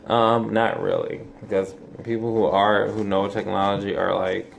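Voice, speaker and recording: A man's voice: fairly low pitch, lively intonation, moderate pace, vocal fry, slight background noise. A man in his twenties talking casually to camera in a rambling vlog, with lots of fillers, restarts and swearing. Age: 20s. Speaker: vlogger.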